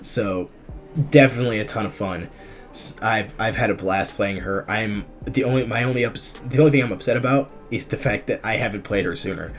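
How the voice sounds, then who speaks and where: Laid-back man with a low voice. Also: brisk. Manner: relaxed, chatty, with frequent ums and restarts. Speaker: gaming YouTuber. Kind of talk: casual commentary on a fighting game tier list. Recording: faint music behind the voice.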